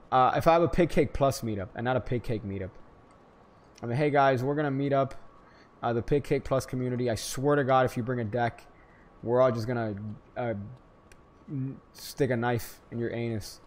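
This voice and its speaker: A young man from Florida giving casual gameplay commentary, rambling and joking, with sudden loud hyped outbursts. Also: medium pitch, a little hiss or hum. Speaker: gaming streamer.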